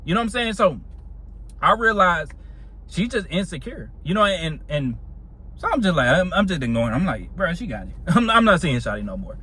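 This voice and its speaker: A man's voice: high voice, sing-song, a little fast, bright, forceful tone, slightly rough. Laid-back young man telling a story. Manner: laid-back, slangy, laughs between lines. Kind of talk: casual storytime monologue.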